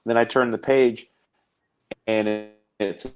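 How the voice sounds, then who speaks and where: A man's voice: on the low side, little pitch movement, a little slow, smooth. A man hosting a live art stream, chatting casually in a rambling, jokey way and reading out viewer comments. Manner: rambling, self-interrupting, jokey.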